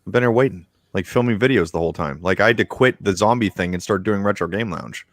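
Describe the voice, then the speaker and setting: A man's voice: fairly low pitch, fast, dry recording. A man from Virginia hosting a casual chat with friends, laid-back and swearing freely. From USA (Virginia). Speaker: show host.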